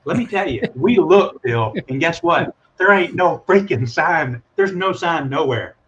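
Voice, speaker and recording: A man casually telling a story on a call, animated and acting out the voices of the people in it. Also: fairly high pitch, unhurried, highs cut off. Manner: animated, acts out voices in his stories. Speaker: guest calling in.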